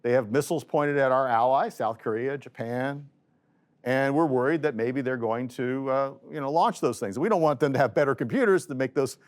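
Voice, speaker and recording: A man giving an economics lecture in a relaxed, conversational way, voicing quoted people with a lifted pitch. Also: moderate pace. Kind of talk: casual video lecture.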